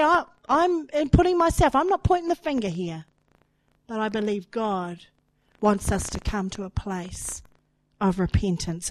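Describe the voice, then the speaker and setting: Sounding woman preaching, earnest, repeats stuff, kinda high voice, dry sound. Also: dry recording, poor audio. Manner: earnest, emphatic repetition, voice rising with emotion. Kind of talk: sermon.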